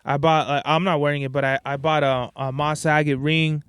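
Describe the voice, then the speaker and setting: A man's voice: a little high, little pitch movement, fairly quick, fairly bright tone, smooth, dry recording, clean studio sound. A man hosting a podcast, telling rambling, profane stories in casual slang. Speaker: podcast host and stage performer. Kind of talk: casual solo monologue.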